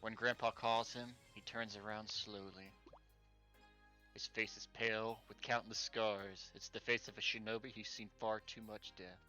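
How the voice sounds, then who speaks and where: A man's voice: on the low side, level tone, normal speed, sharp tone, faint music behind. Sarcastic male streamer reading a game. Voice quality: sarcastic, exasperated asides, swearing. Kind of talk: reading game text aloud with sarcastic commentary.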